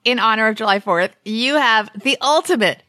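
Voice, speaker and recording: A woman's voice: a little high, normal speed, bright, forceful tone, no echo. A woman hosting a podcast, upbeat and prompting her guest with questions. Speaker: podcast host. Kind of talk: interviewing a guest. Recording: dry close mic.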